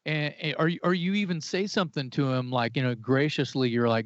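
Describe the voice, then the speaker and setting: A man of average pitch chatting eagerly as a podcast co-host, full of excited back-and-forth. The audio is dull and dry, like a lo-fi recording. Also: a little fast, dry recording. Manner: eager, with many fillers and restarts. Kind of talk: casual chat.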